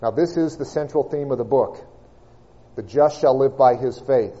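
A man preaching a sermon, reading and expounding scripture with measured, emphatic delivery and slowed key words. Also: medium pitch, dark tone, highs cut off.

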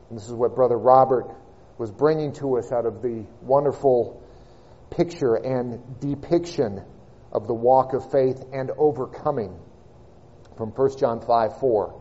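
A man preaching a sermon, reading and expounding scripture with measured, emphatic delivery and slowed key words. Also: medium pitch, dark tone, highs cut off.

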